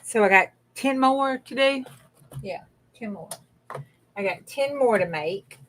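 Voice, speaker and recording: A woman's voice: fairly high pitch, expressive, a little slow. A middle-aged woman, hosting a casual crafting livestream. She rambles in a folksy way and greets viewers by name as she works. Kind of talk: casual chat while crafting.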